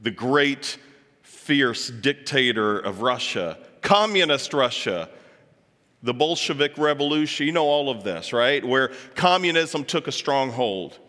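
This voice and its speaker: A man with a bright, forceful voice talks to a live audience, cracking jokes and asking them questions. His words ring out with a long reverb from a large hall around him. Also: mid-range voice, animated, a little slow. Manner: chatty, joking asides, puts on voices for quotes. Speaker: speaker addressing an audience. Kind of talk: lively talk to a live audience.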